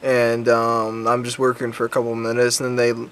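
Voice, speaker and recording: A man's voice: medium pitch, completely flat delivery, normal speed, a bit bright, clear, resonant tone. A young man chats to his viewers in a loose, rambling vlog, swearing freely and stumbling through ums and self-corrections. His voice sits in an ordinary middle register, and he tells stories with crude asides. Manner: profane, rambling, crude jokes; frequent ums and restarts. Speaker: vlogger. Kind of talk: casual storytelling vlog.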